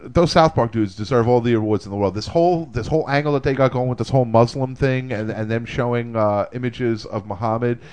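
A young man co-hosting a podcast, talking in a rambling, excitable way and laughing often. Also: mid-range voice. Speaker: podcast co-host. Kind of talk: casual chat.

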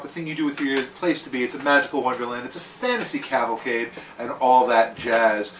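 A man's voice: medium pitch, a little fast, few pauses, reverberant, far from the mic, noisy background. A man hosting a comedy podcast, playful and self-deprecating in his banter. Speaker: podcast host.

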